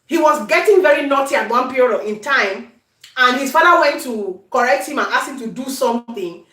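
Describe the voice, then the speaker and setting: A woman's voice: sits high, animated, brisk, bright, forceful tone, echoey room. A woman with a Cameroonian accent hosting a home cooking video, chatting to viewers and slipping into Pidgin as she demonstrates. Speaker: cooking channel host. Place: home kitchen.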